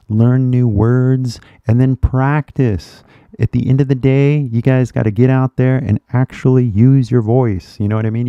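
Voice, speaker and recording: A man's voice: lowish voice, no echo, muffled recording. A man talking casually to viewers on a live stream about learning English, rambling and often asking "you know what I mean?". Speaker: English-teaching YouTuber. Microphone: webcam setup at a computer.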